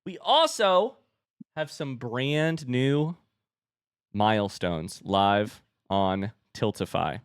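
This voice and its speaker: A man's voice: fairly low pitch, drawn-out words, smooth, no room sound, clean studio sound. A man hosting a live stream, chatting in a playful, jokey game-show banter. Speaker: stream host.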